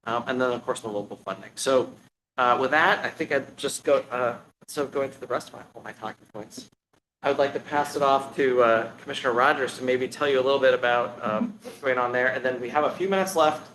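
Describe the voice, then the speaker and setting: A man giving a halting presentation to a public commission, with many fillers and restarts. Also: mid-range voice, a bit bright, a little hiss or hum, rough recording. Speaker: staff presenter. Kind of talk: meeting presentation. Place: public meeting room.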